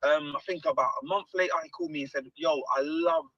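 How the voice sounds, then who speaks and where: A man tells stories in a lively, swooping, high voice, acting out every quoted line. His tone is bright and sharp. The recording is dry and dull, with a lo-fi edge. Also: quick pace, no echo. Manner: animated, acts out quoted dialogue. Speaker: guest musician. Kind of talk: storytelling interview.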